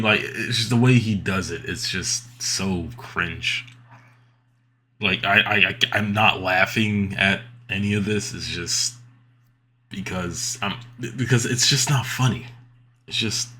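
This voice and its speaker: A man's voice: low voice, pushed and bright, a little hiss or hum. A man hosting a reaction channel, giving casual scornful commentary with hesitant, stammering restarts.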